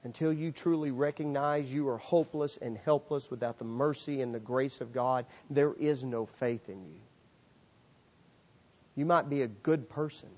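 A man's voice: medium pitch, darkish tone, dull audio. A man preaching a sermon, earnest and emphatic, repeating key phrases for weight. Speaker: pastor.

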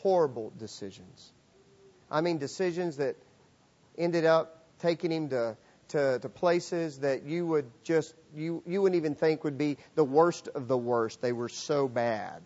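Earnest preaching man, high voice. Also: measured pace, a little mellow, highs cut off. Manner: earnest and emphatic, repeating phrases for weight. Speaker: pastor. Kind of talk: sermon.

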